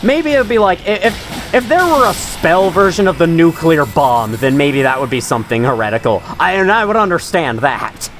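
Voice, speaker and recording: Male let's-play host, chatty and jokey, pitch a touch high and bouncing all over, quick to laugh. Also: lively intonation, a bit bright, soft background music. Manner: chatty, joking, laughs often. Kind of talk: gaming commentary.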